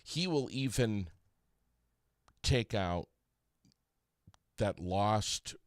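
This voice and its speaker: A man hosting a radio show, telling a story in a joking, animated way during casual on-air chat. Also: on the low side, very slow, no echo, studio quality.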